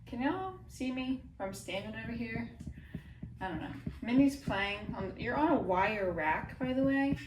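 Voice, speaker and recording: A woman's voice: fairly high pitch, expressive, a little slow, recorded from a distance. Twenties woman, casual vlogger, nervy, self-deprecating ramble. Echoey home room, some faint hiss. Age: 20s. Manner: rambling, self-mocking, anxious. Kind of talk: casual vlog chat. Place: room at home, moving around while working out. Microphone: phone camera, sometimes from across the room.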